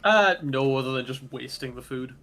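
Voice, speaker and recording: Bright-voiced man reacting in short bursts. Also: mid-range voice, animated, normal speed, soft background music. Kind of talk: casual gaming chat.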